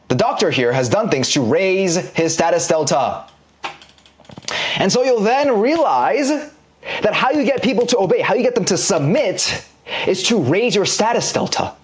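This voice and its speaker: A man teaching an online business course in a casual, slangy lecture style, explaining ideas by drawing examples on a board. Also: fairly high pitch.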